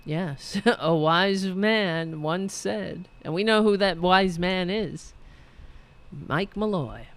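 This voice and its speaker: A woman's voice: on the low side, slow. A woman hosting political commentary, ranting in a profane, sarcastic and heated way and reading out viewer chat. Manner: reads viewer chat aloud.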